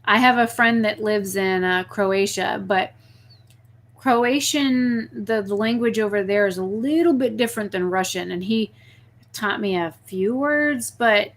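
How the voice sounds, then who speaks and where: A young woman chatting casually on a live stream, reading viewer messages and telling stories with lively outbursts. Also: medium pitch, unhurried. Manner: chatty, reads viewer messages, talks to her pet snake in a soft baby voice.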